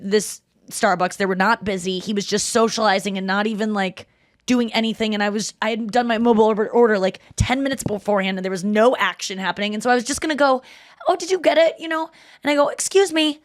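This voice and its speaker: A woman's voice: dry recording, studio quality. A woman hosting a podcast, telling stories in casual chat, acting out quotes and swearing freely. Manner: animated, acts out quotes in a higher voice. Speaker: podcast host.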